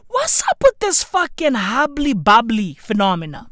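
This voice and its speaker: A woman, delivering a profane comedic rant full of slang that bursts into shouting. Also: on the high side, huge pitch swings, normal speed, few pauses, dry recording, studio quality. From South Africa.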